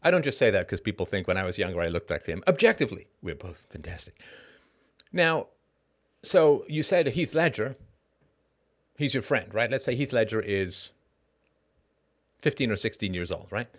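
A middle-aged man hosting a casual solo monologue, animated and rhetorical, with short laughs and frequent asides of "right?". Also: lowish voice, moderate pace. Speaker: podcast host.

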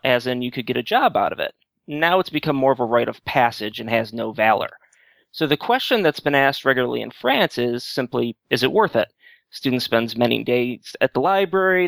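A man's voice: medium pitch, a bit bright, no room sound. A man co-hosting a call-in show, upbeat and well caffeinated, laughing often and reading listener letters aloud. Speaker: co-host reading listener questions.

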